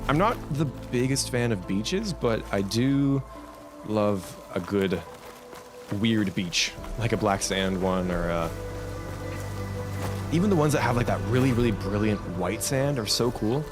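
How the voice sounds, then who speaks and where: A man's voice: on the low side, measured pace, over music. A man chatting casually on a live stream while playing a game, rambling and talking to his chat. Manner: rambling, lively, talks to himself and chat.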